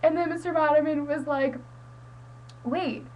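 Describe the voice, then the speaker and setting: A woman's voice: sits high, steady tone, normal speed, slight background noise. Chatty teenage girl on a lo-fi webcam. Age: teens. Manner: chatty, rambling, full of "like" and "um". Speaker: student vlogger. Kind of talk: casual webcam chat. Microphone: webcam mic.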